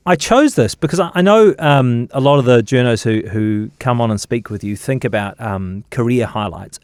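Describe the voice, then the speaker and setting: A New Zealand journalist in his thirties, telling lively anecdotes in a casual interview, with plenty of fillers and restarts. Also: medium pitch, no room sound, clean studio sound. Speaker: journalist guest.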